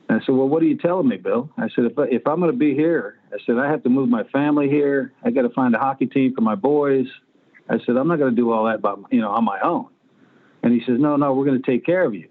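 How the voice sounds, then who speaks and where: Older male guest in his sixties, blunt and salty anecdotes, heard over a thin phone line. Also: medium pitch. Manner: blunt, profane anecdotes with acted-out quotes. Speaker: guest, former pro quarterback. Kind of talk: storytelling interview.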